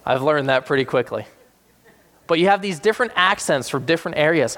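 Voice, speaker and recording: A man preaching a sermon, retelling scripture with animated acted-out voices for the people in the story. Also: fairly quick. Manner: animated, acts out quoted characters with sudden high-pitched voices. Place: South Jersey church.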